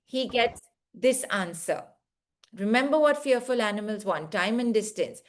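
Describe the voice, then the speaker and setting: A woman's voice: a little high, expressive, a little slow. Earnest woman teaching dog behaviour. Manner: earnest, acts out dogs' thoughts in first person. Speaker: dog behaviour course instructor. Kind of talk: online course lecture.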